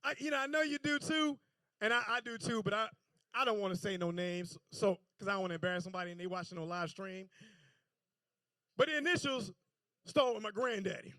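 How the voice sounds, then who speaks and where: A man's voice: sits high, fairly quick, pushed and bright, no echo. A man doing a stand-up set on a comedy club stage, telling stories loosely with stammering restarts.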